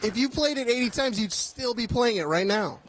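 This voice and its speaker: A man's voice: very high voice, animated, normal speed, a bit bright. A man hosting a live stream, walking through a busy convention hall and chatting casually, joking and swearing as he goes. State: tired, a bit out of breath. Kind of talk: casual walk-and-talk chat.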